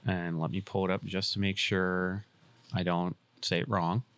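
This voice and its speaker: A man co-hosting a casual podcast, talking bluntly and swearing freely as he thinks out loud. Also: low-pitched, flat delivery, moderate pace, clean tone, no room sound. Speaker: podcast co-host.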